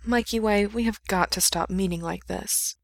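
A woman's voice: mid-range voice, moderate pace, gravelly, no echo, natural voice. A worried young man, tender and exasperated with his younger brother, voiced by a woman reading a story. His lines rise a little above the narration, and the sound is close and dry.

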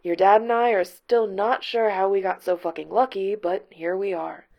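A woman reading aloud, voicing a husky, blunt, loving middle-aged mother who swears freely. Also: medium pitch, fairly even intonation, moderate pace, highs cut off, natural voice.

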